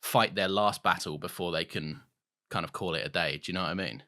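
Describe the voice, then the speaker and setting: A man co-hosting a casual film-review podcast, jokey and animated, swearing freely. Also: low voice, brisk. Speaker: podcast co-host.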